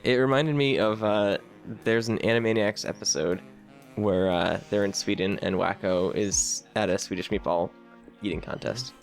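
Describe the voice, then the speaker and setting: A man's voice: on the low side, moderate pace, faint music behind. A man hosting a casual podcast chat who laughs often between lines. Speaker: podcast host.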